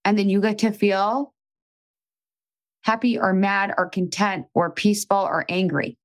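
A woman's voice: medium pitch, steady tone, measured pace. A woman podcast host coaching a listener in a frank, chatty way, swearing casually and filling her talk with "like".

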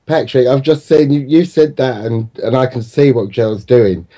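Brief: male co-host, warm mellow tone, chatty, cuts in politely. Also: medium pitch, fairly even intonation, moderate pace. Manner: chatty, apologetic interjections. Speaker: football podcast co-host. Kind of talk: casual chat.

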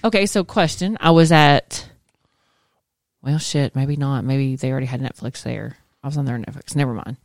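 A woman's voice: extremely low pitch, normal speed, dry recording, studio quality. A woman in her forties, a schoolteacher co-hosting a casual chat show, chatty and laughing, swearing casually. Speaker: co-host, schoolteacher.

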